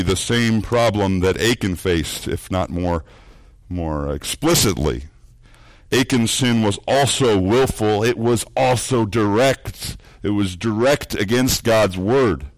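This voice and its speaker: A man preaching a sermon, earnest, repeating words as he builds points and dropping low and soft for emphasis. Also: no room sound. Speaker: pastor.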